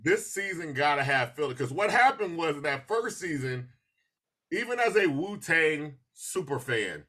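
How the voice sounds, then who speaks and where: A man hosting a podcast in casual chat, telling stories with lots of laughter and animated asides. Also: fairly high pitch, measured pace. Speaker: podcast host.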